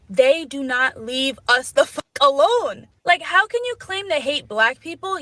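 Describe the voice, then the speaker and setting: A woman's voice: high-pitched, fairly bright tone, no room sound. A woman speaking bluntly and indignantly in a played clip.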